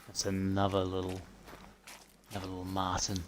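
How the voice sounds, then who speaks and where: A man live streaming a hunting game, chatting casually and often dropping to a quiet mutter. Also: sits low, completely flat delivery, a little fast, slight background noise. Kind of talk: casual gameplay commentary.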